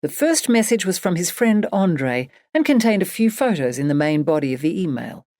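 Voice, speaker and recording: Reading scripted audiobook narration, a woman with a lowish voice sounds measured and expressive. The studio-quality recording carries no room sound.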